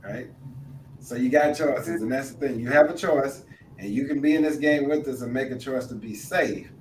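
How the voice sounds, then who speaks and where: A middle-aged man co-hosting a casual chat, animated and repeating phrases for emphasis. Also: medium pitch, normal speed, echoey room, recorded from a distance, slight background noise, low-quality recording. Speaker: co-host.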